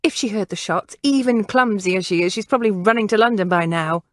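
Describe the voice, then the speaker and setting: Shrill haughty dressmaker villainess, voiced by a woman, scolding and disdainful, audiobook role. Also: a little fast, no echo, clean studio sound, natural voice.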